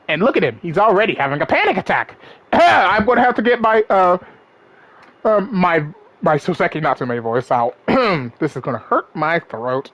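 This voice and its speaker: Woman streamer, casual game commentary, wry asides, lively pitch. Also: normal speed. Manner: wry, self-deprecating asides. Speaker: let's play streamer.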